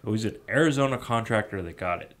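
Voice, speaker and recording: A man co-hosting a podcast, lively and casual, acting out back-and-forth exchanges as he tells an anecdote. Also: on the low side, fast talker. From Nevada. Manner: animated anecdote teller, acts out quoted exchanges. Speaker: podcast co-host. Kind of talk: casual chat.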